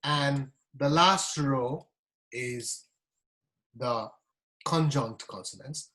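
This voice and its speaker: A man teaching a class, sounding out syllables slowly and deliberately. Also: mid-range voice, pushed and bright. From Nepal. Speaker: language teacher. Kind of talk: classroom lesson.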